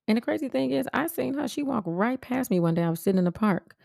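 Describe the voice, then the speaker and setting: A woman, telling personal stories as a podcast host in a blunt, animated way, swearing freely and jumping into sharp high exclamations. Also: fast talker, creaky, few pauses, no echo, clean studio sound. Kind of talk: casual storytelling monologue.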